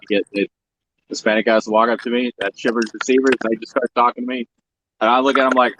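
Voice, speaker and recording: A man's voice: medium pitch, lively intonation, fairly quick, pauses often, background noise. A man chatting casually and telling a jokey personal story on a trucking talk show. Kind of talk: casual chat.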